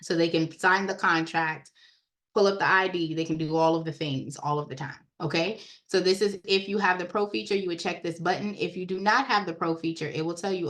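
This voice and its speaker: A woman giving a casual, chatty walkthrough of credit repair software on a screen share, talking straight to her viewers. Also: lowish voice, a little fast. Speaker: software trainer.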